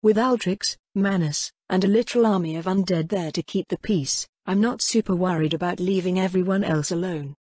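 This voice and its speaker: A woman reading a first-person fantasy novel aloud in a steady, wry storytelling manner. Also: fairly low pitch, a little fast, hardly any pauses, husky, no room sound, clean studio sound. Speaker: audiobook narrator. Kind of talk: first-person scripted narration.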